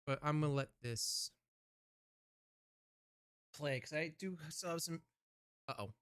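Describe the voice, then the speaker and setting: A man's voice: a little high, slow, a bit bright, smooth. A man streaming and chatting casually with his viewers, easygoing and rambling.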